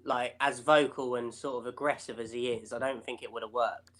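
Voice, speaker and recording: A British man chats through a film review at a middle pitch, hesitating often and padding his thoughts with fillers. His speech comes in loose, searching bursts. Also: fairly even intonation, brisk, a bit bright. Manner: hesitant, filler-heavy, lots of "like". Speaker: film podcast co-host. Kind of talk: casual film review chat.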